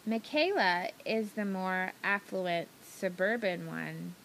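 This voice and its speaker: A young woman co-hosting a casual podcast, chatty, with joking asides and quick giggles. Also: on the low side, vocal fry, fairly bright tone, a little hiss or hum, low-quality recording. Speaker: podcast co-host. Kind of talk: casual chat.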